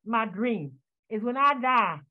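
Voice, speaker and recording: A woman's voice: fairly high pitch, expressive, takes it slowly. Older woman, emotional, tinny call audio. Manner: impassioned, repeating herself, voice rising. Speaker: community descendant speaking on a panel. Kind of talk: emotional testimony. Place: home, joining by video call. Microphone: video call.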